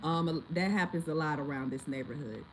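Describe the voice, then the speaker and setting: A woman vlogger casually telling her viewers a story, animated and dramatic, speaking. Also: low-pitched, normal speed, slight background noise, poor audio. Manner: animated, dramatic retelling with loud outbursts.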